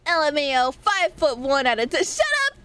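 A woman's voice: high-pitched, moderate pace, fairly bright tone. A woman streamer chatting with her viewers in a playful, teasing way, often breaking into laughs. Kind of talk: casual live-stream chat.

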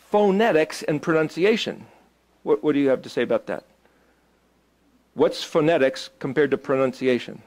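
A man's voice: a little high, a little mellow. Man teaching, thinking aloud. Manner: thinks aloud, asks the group questions. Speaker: Hebrew study teacher. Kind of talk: informal teaching to a small group.

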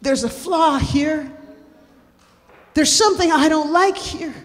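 A woman preaching a sermon to a church, impassioned, rising to shouted and sung cries. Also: high voice, slow. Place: church sanctuary. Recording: long hall reverb.

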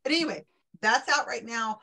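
A woman's voice: a little high, fairly quick, vocal fry, pushed and bright. A woman hosting an online trivia night, talking in a chatty, enthusiastic, rambling way over a video call. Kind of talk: casual online group chat.

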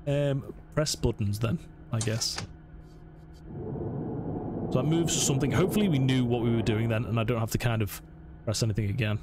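A man's voice: mid-range voice, normal speed, pauses often, noisy background. A man commentating a horror let's play, nervously narrating his every move to himself. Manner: jumpy, self-narrating, talking himself through scares. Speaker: gaming channel host.

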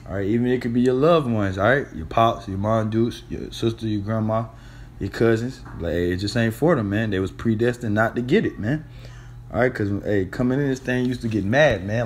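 Man, informal preacher, street slang, swearing, hesitant, repetitive tag questions, mid-pitched voice, faint background hum. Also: fairly quick. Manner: rambling, peppers phrases with "man" and "all right?"; blunt street slang with profanity. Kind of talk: informal sermon.

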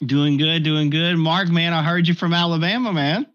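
A man's voice: a little high, normal speed, fairly bright tone, lo-fi sound. A man asking questions in a casual live Q&A, friendly and chatty. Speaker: audience questioner.

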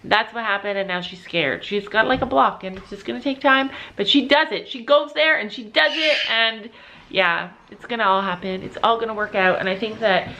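A woman's voice: on the high side, moderate pace, pushed and bright, lo-fi sound. A middle-aged woman vlogging casually, chatting straight to her viewers in a talkative way. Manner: chatty, often addresses viewers directly. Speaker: family vlogger. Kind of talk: casual vlog talk to camera.

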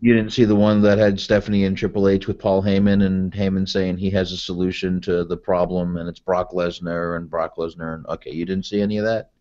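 A man's voice: deep voice, level tone, fairly quick, few pauses, mellow. A man co-hosting a casual podcast, laid-back and agreeable, recapping events. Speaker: podcast co-host. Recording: muffled lo-fi podcast audio.

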